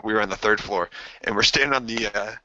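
A man co-hosting a podcast, telling animated stories in casual profane chat. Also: on the low side, fast, dry recording. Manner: animated anecdotes with shouted impressions. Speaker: podcast co-host. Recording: dull lo-fi sound.

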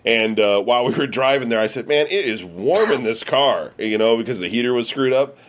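A man's voice: medium pitch, brisk. Rambling man telling a party story. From US Midwest. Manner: rambling, heavy fillers and profanity. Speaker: podcast regular. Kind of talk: casual storytelling among friends.

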